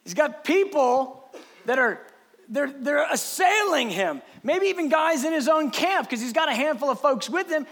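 A man preaching a passionate sermon, swinging between shouting and hushed, lowered speech. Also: big pitch swings, moderate pace.

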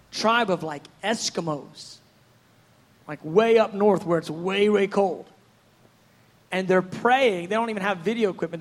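A man preaching a sermon in a fervent, conversational, rambling way. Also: high voice.

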